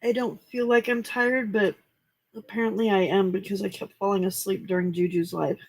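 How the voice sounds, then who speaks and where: A woman's voice: medium pitch, fairly even intonation, moderate pace. A woman hosting a casual late-night crafting livestream, chatty and upbeat, greeting viewers by name. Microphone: desk microphone.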